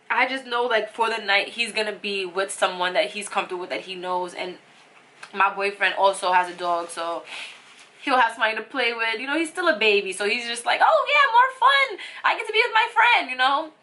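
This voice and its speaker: Bright-voiced young woman vlogger. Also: medium pitch, brisk. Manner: emotional, rambling storytelling with many fillers. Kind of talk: story time vlog.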